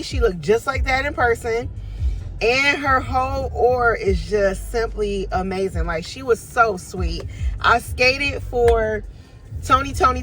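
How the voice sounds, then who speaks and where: A tarot reader and life coach chats casually to camera from her parked car, animated, laughing, and swearing freely. Her voice is mid-range with a fairly bright tone, though the audio quality is poor.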